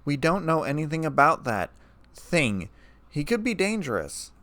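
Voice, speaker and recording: Guarded, doubtful pony mare for a fan story reading, a male reader doing her a little higher. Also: very animated, normal speed, fairly bright tone, dry recording. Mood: wary. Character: wary, cautious young female earth pony.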